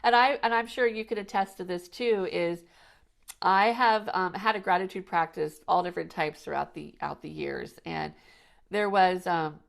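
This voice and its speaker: A woman's voice: lowish voice, moderate pace, creaky. A woman hosting a podcast, chatting casually and telling rambling stories with frequent restarts and "you know"s. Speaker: podcast host. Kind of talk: casual conversational chat.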